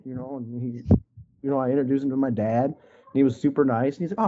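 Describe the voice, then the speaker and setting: A man's voice: mid-range voice, a little fast, warm tone, highs cut off, a little hiss or hum. A man from Wisconsin telling stories as a guest, rambling and peppered with "like" and "you know". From Wisconsin, USA. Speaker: guest artist. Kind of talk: casual storytelling in an interview. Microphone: video call.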